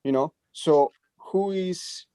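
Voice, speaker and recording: A man's voice: a little high, slow, mellow, smooth, dry recording. A man in a casual book discussion, speaking with enthusiasm and peppering his talk with "you know".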